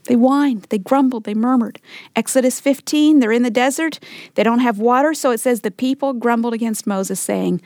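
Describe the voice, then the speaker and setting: Female Bible teacher, middle-aged, mid-high voice, dry recording; sermon delivery with acted quotes and whispered asides. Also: fairly quick, darkish tone, dry recording. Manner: acts out quoted complaints in raised voice.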